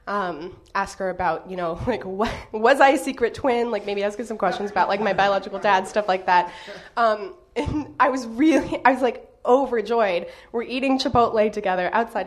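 A young woman telling a personal story to an audience, laughing often as she talks. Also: medium pitch.

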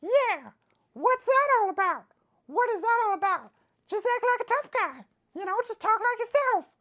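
A woman voicing an angry, boastful male wrestler in a comedy sketch interview, ranting and repeating herself with slow, heavy emphasis. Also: very high voice, big pitch swings, fairly bright tone, full character voice.

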